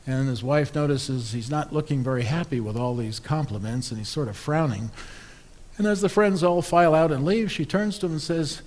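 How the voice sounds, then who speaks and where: A man's voice: on the high side, moderate pace, a little mellow. A man, an Episcopal priest, preaching a sermon in a conversational, wry storytelling way.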